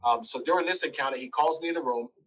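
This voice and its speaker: A man as an interview guest telling a personal story, animated, acting out quoted lines. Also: medium pitch, fast talker, far from the mic, slight background noise, poor audio.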